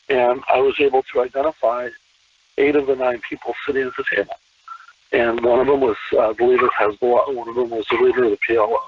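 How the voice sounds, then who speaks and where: A man, a podcast guest, talking in an animated casual way with many restarts and repeated words. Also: medium pitch, slightly rough, recorded from a distance. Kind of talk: casual conversation. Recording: tinny phone-line call.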